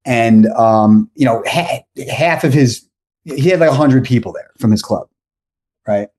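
A man's voice: medium pitch, unhurried, a little mellow. A man in his forties from South Florida, a podcast guest telling a long story casually, rambling and correcting himself as he goes.

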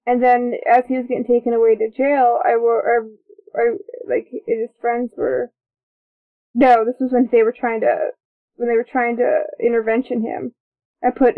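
A woman co-hosting a casual chat about a film she is watching, excitable and reading out her notes. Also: a little high, a little fast, vocal fry. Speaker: podcast co-host. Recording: tinny phone-like sound.

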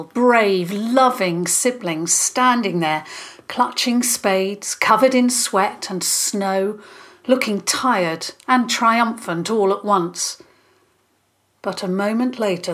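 A woman narrates a children's story in a slow, expressive voice. Her pitch sits in the middle of the range.

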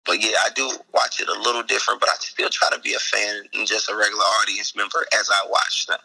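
A man's voice: lowish voice, fast, creaky, breathy edge, rough recording. A man, a comedian and actor, chatting casually as an interview guest and telling stories with lots of laughter. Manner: animated storyteller who laughs often.

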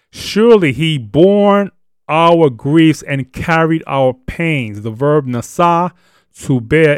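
A man's voice: a little high, no room sound, clean studio sound. A man hosting a live show and teaching on scripture, emphatic and plain-spoken, pressing his points with blunt rhetorical questions. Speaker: host and Bible teacher.

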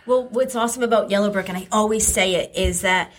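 A woman real estate agent chatting as a guest in a relaxed interview. Her voice sits in a middle pitch, and she talks in a chatty run with plenty of "like" fillers. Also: quick pace. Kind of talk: casual interview chat.

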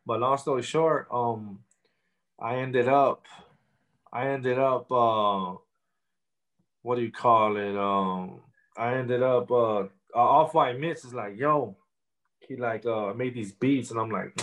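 A man's voice: mid-range voice, slow pace. A man in his thirties, a rapper telling stories in a casual interview, swearing a lot and repeating fillers. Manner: profane, animated storytelling with many fillers.

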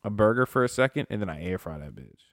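Crude, animated young man telling stories. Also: fairly low pitch, fast, no room sound, studio quality. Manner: crude, animated storyteller who acts out voices. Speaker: podcast co-host. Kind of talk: casual chat.

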